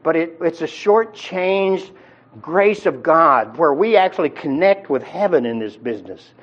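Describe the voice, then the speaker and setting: A man's voice: fairly high pitch, lively intonation, measured pace, lo-fi sound. A man teaching a Bible sermon in a conversational way, often restarting and repeating his words. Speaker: preacher.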